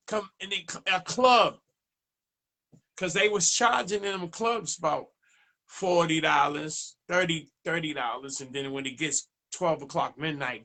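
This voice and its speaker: A man tells stories as a DJ guest in a relaxed interview. His voice sits a bit high and bright, and it jumps up when he plays out other people's lines. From Boston, USA. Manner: animated, acts out dialogue in raised voice. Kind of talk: casual storytelling interview.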